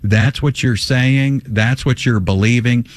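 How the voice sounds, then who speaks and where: A man's voice: mid-range voice, measured pace, no room sound. A man hosting a call-in radio teaching show, answering a caller in an emphatic, conversational way, with frequent rhetorical questions and "uh" fillers.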